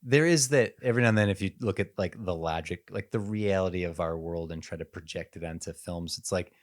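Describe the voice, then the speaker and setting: A man co-hosting a casual comedy podcast, wry and quick to laugh. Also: low voice. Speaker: podcast co-host.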